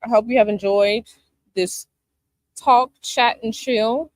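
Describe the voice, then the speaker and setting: A woman's voice: a little high, fairly even intonation, takes it slowly, a little mellow, no room sound. A woman from Chicago hosting a casual chat with her viewers outdoors, sassy and emphatic, repeating her advice. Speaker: tarot channel host. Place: outdoors by a palm tree, planes overhead.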